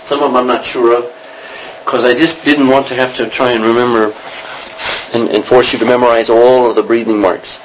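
A man's voice: medium pitch, flat delivery, a little fast, poor audio. Male teacher, classroom lecture, rambling explanations, frequent "okay?" check-ins, faint background hiss. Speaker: Greek teacher.

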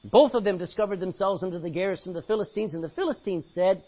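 A man preaching a sermon in an animated way, acting out Bible scenes as he goes. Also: high-pitched, quick pace, hardly any pauses, breathy edge. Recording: dull lo-fi recording.

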